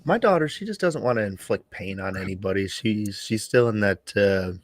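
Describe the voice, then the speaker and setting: A man's voice: fairly low pitch, animated, normal speed, no echo. A man co-hosting a casual podcast chat, telling a story bluntly and with plenty of swearing. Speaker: podcast co-host.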